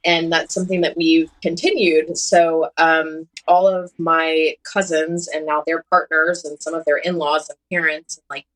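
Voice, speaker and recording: A woman's voice: deep voice, little pitch movement, moderate pace, few pauses, fairly bright tone, poor audio. A woman in her thirties, a surgeon and podcast guest, chatting candidly and poking fun at herself, often laughing as she talks. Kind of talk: casual conversation.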